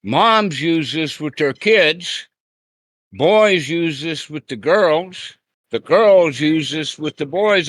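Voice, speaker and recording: A man's voice: fairly high pitch, animated, slow pace, fairly bright tone. A man giving a plain-spoken, folksy Buddhist teaching talk over an online group call. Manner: plain-spoken, folksy, acts out quoted lines.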